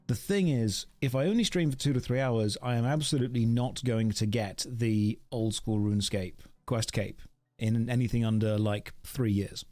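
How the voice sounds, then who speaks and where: A man's voice: mid-range voice, normal speed, dark tone. A man from the UK chatting casually on a live stream while he plays, rambling, wry and self-mocking as he thanks viewers. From United Kingdom.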